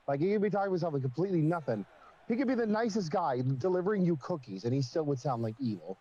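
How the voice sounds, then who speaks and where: A man's voice: fairly high pitch, very animated, quick pace, warm tone, highs cut off. A man chatting casually on a stream, rambling with many restarts and fillers. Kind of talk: casual chat.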